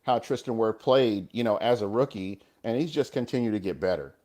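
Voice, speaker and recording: A man's voice: lowish voice, a little fast, warm tone. A man co-hosting a casual sports talk show, agreeable and often restarting his words. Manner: agreeable, restarts words, uses "you know". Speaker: co-host.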